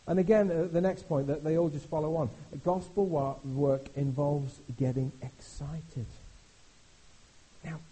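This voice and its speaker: Lively preacher with a husky voice. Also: male voice, fairly high pitch, measured pace, low-quality recording. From Britain. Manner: animated, conversational, jumps between hushed and exclaiming. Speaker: visiting preacher. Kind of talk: sermon.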